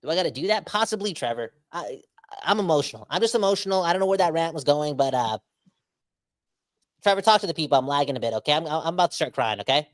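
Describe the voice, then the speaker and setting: A man in his thirties co-hosting a sports podcast, given to excitable, exaggerated ranting. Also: a little high, quick pace, dry recording. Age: 30s. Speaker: podcast co-host. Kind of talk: emotional sports podcast chat.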